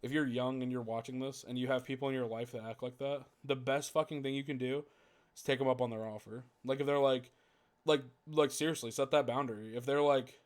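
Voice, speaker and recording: A man's voice: medium pitch, steady tone, fairly quick. A man hosting a casual podcast, ranting heatedly with lots of swearing and "like" fillers. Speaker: podcast host.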